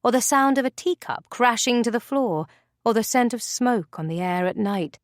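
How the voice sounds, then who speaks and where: A woman narrating an audiobook in an expressive, measured way. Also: a little high, dry recording, clean studio sound.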